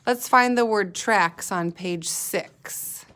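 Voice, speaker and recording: A woman teacher guiding young children through a reading lesson at an unhurried pace. She sounds out letters and words carefully and patiently, in a mid-range voice. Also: mid-range voice, a bit bright, smooth. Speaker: elementary school teacher.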